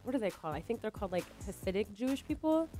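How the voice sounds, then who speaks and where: Woman, co-host, chatty, self-mocking, medium pitch, faint music. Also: sing-song, rapid-fire, mellow. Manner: chatty, self-mocking anecdotes, many "like" fillers. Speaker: podcast co-host. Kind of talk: casual chat.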